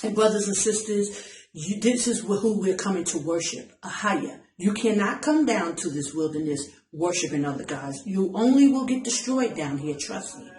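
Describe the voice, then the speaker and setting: A woman's voice: mid-range voice, animated, normal speed, a little mellow, reverberant, low-quality recording. A woman preaching an impassioned online message, urgent and pleading, repeating her phrases for emphasis. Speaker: self-styled preacher.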